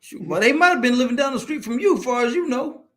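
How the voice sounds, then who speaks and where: High-voiced, animated man teasing. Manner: animated, teasing, quick interjections. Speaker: co-host. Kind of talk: casual chat reacting to a live wrestling show.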